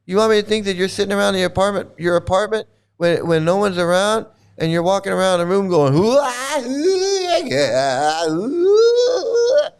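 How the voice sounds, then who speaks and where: A man's voice: high voice, steady tone, quick pace, few pauses, smooth. A middle-aged man hosting a livestream, ranting in a mocking, profane way, laughing often and repeating himself. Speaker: livestream host.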